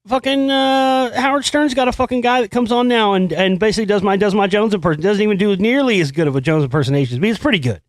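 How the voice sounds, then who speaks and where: A man's voice: high voice, quick pace, hardly any pauses, no room sound. A man hosting a show, casually riffing on news stories in a profane, rambling and sarcastic way. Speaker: host. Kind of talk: casual monologue commenting on news.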